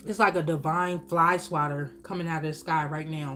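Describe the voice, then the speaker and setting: A woman's voice: on the low side, a little fast, hardly any pauses, soft background music. Blunt, casual woman giving a spiritual reading. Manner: casual, profane, lively and blunt. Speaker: spiritual reader. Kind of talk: channeled reading while eating on camera.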